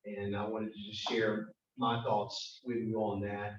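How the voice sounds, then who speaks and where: A man's voice: lowish voice, completely flat delivery, unhurried, slight background noise. Man giving a speech in echoey room. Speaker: guest speaker. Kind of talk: prepared speech. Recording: echoey, distant, dull room recording.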